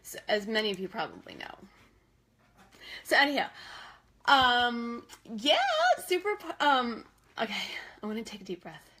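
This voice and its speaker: Bubbly, bright-voiced woman vlogger. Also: fairly high pitch, moderate pace, long pauses, slightly rough. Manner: excitable and goofy, greets viewers by name, self-deprecating. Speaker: homeschool vlogger hosting a live video. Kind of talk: bubbly casual live-stream chat.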